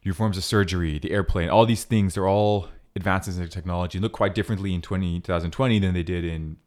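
A man's voice: sits low, steady tone, fast, a little mellow. A man co-hosting a podcast, talking earnestly and thoughtfully in casual chat, with many fillers. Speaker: podcast co-host.

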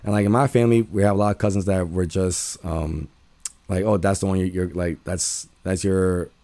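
A man's voice: sits low, fairly even intonation, moderate pace, mellow, no room sound. A young man talking casually and at length, laid-back and rambling, filling gaps with "you know" and the odd curse. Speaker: speaker sharing views on dating and family. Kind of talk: casual monologue.

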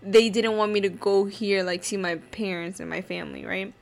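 A woman's voice: medium pitch, steady tone, normal speed, vocal fry. A woman chatting casually as a podcast guest, telling a story with lots of fillers and swearing. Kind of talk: casual chat.

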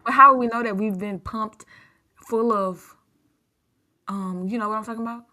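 Bright-voiced woman in rambling chat. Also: a little high, normal speed. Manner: rambling, animated storyteller. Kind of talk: casual chat.

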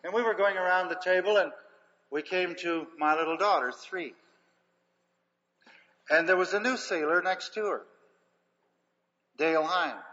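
A man's voice: a little high, bright, forceful tone. An older man preaching a sermon, telling folksy stories with emphasis. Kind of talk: sermon storytelling. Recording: dull lo-fi recording in a reverberant hall.

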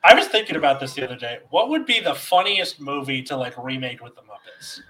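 A man's voice: a little high, big pitch swings, a little fast, pushed and bright, rough recording. A man in his twenties co-hosting a casual comedic podcast, rambling and swearing freely. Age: 20s. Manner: rambling, profane, many fillers. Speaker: podcast co-host.

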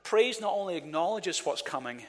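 A man preaches to his congregation with energy, urging them to answer back. His voice sits a touch high. The sound rings out with a long reverb in a church hall. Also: normal speed. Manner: energetic, calls on the congregation to respond. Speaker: pastor. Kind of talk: sermon.

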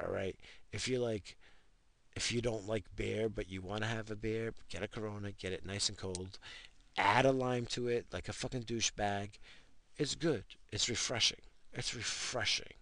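A man's voice: fairly low pitch, moderate pace, a bit bright, dry recording. A man in his thirties giving a profane, rambling late-night rant after drinking, talking about his wife and kids. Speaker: vlogger ranting to camera.

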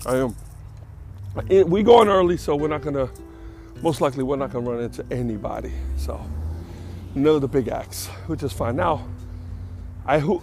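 A man's voice: medium pitch, a little mellow. A man hosting his own podcast in casual solo chat, rambling and correcting himself, a little out of breath. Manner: rambling, self-correcting, chatty. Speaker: podcast host.

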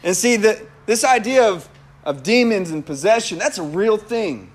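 A man preaching a sermon and telling personal testimony in an animated way, laughing often. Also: sits high, normal speed.

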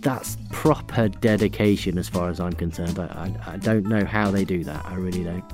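A man hosting a podcast, chatting in a relaxed, easygoing way with small restarts. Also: low-pitched, moderate pace, music in the background. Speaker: podcast host. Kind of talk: casual chat.

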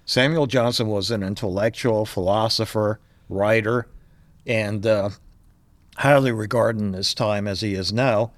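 A man's voice: on the low side, measured pace, dry recording. An older man, a podcast guest, talking casually and telling stories with frequent chuckles. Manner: storytelling, chuckles often. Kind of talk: casual chat.

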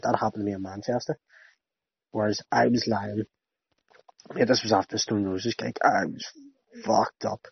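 A young man with a husky, slightly low voice rambles through a casual chat, swearing freely. His talk is animated and loose. The sound is dull and lo-fi.

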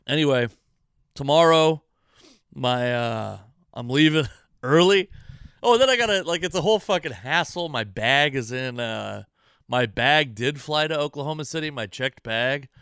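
A man in the middle of a frustrated, swear-filled ramble, hosting his own podcast from home. His voice is smooth and resonant at an ordinary pitch. It is recorded close to the mic in a dry room with no echo. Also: animated, normal speed, a bit bright. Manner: exasperated, profane, rambling. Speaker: comedian and podcast host. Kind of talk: casual self-deprecating monologue.

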